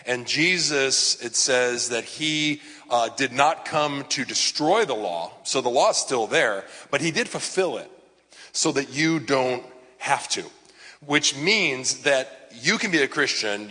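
A man's voice: mid-range voice, bright, forceful tone, in a large hall. A man, a pastor, preaching in a casual, conversational way with frequent fillers and asides. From Southern California. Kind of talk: sermon.

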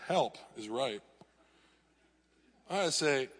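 A middle-aged male pastor preaching an animated sermon in a church, sometimes mocking clickbait headlines in a raised voice. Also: mid-range voice, a little fast, long reverb tail. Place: church hall.

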